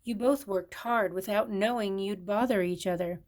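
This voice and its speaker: A kindly little redbird from a storybook who chirps softly and calms her friends with sweet words, as an older woman reads her part. The pitch stays in a middle range. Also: moderate pace, lightly acted. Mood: gentle. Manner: soft, sweet, soothing. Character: gentle kind female redbird peacemaker.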